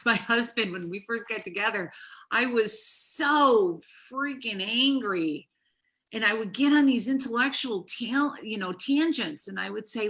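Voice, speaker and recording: Woman therapist-host, bright crisp tone, lively storytelling, casual podcast chat. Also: a little high, measured pace. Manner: animated storyteller who swears lightly.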